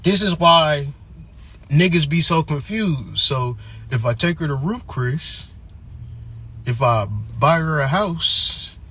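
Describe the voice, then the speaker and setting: A man's voice: on the high side, animated, slow, bright, forceful tone, breathy edge. A man hosting a channel, delivering a blunt, profane, emphatic ranting monologue. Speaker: channel host.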